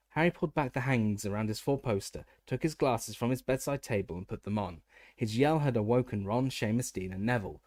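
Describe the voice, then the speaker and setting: A man's voice: mid-range voice, fairly quick, darkish tone, dry recording, studio quality. A man reading an audiobook aloud, often stumbling over words and restarting. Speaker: audiobook narrator.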